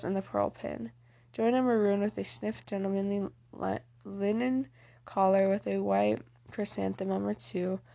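A woman's voice: mid-range voice, vocal fry, warm tone. A woman reading a novel aloud as an audiobook, plainly, with small slips and restarts. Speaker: audiobook reader. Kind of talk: audiobook narration.

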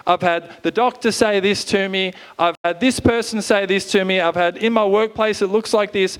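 A man in his thirties preaches with a fairly high voice. His tone stays smooth and clear, and he drives his sermon with bursts of energy and repeated rallying calls. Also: steady tone, normal speed, a bit bright. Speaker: pastor. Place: church stage.

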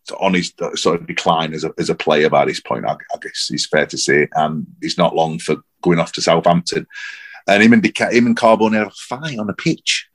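A man, rambling and animated in casual football chat on a podcast. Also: low voice, a little fast, slightly rough. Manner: rambling, animated, repeats himself. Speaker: podcast co-host.

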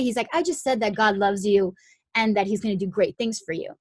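Speaking a little high and fairly quickly, a young woman chats her way through a long, casual story with no room sound behind her. She leans on "like" as a filler constantly and performs the voices of the characters she quotes.

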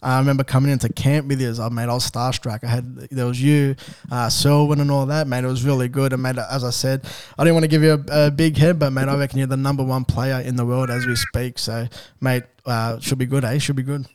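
A man with an Australian accent hosting a casual podcast chat, matey and quick to laugh. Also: medium pitch, level tone, a little mellow, clean tone, no room sound, clean studio sound. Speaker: podcast host.

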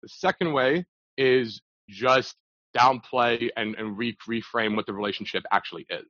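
A man's voice: mid-range voice, normal speed, sharp tone, no echo. A man talking as a podcast guest, telling a story in a casual, loose way, full of fillers and restarts. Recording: dull, dry lo-fi audio.

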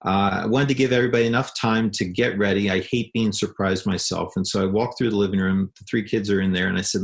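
A middle-aged pastor tells a story from family life in a low, gravelly voice. He speaks earnestly and mocks his own failings, and he trips over restarts now and then. The creak runs through much of his speech. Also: a little fast, few pauses. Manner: earnest, self-deprecating, with some stammering restarts. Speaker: pastor and counselor. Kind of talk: reflective storytelling talk.

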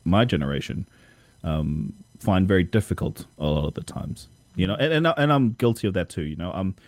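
A man's voice: low-pitched, lively intonation, brisk, no echo. A young adult man hosting a podcast, talking in a thoughtful, hesitant way and often repeating words. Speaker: podcast host. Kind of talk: casual conversation.

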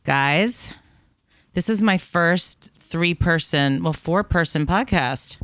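A woman's voice: on the low side, slow, a bit bright, no room sound. A woman hosting a casual podcast chat outdoors at her house, bubbly and laughing often. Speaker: podcast host.

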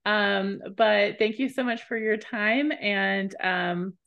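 A woman's voice: mid-range voice, slow, a bit bright. A woman hosting a podcast interview, chatting casually with frequent fillers. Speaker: podcast host.

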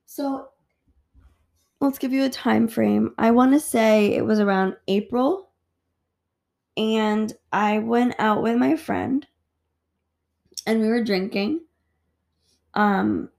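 A woman tells a story on her podcast with a slightly high, gravelly voice. She speaks in a loose, rambling way and swears freely. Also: slow pace, long pauses, a little mellow. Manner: candid, profane, rambling. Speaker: podcast host. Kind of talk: casual storytelling.

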